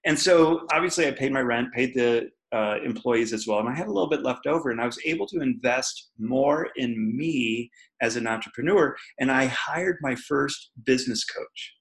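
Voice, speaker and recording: A man's voice: medium pitch, animated, normal speed, creaky, hardly any pauses, a bit bright, rough recording. A man, a podcast guest, candidly telling a personal story in an interview, laughing often and acting out what people said. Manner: candid, laughs often, acts out quoted voices.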